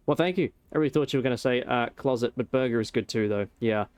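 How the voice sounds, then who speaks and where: A man's voice: mid-range voice, quick pace, darkish tone, smooth, dry recording. A young man casually rambling and joking while he streams a game, with some swearing. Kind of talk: casual gameplay commentary.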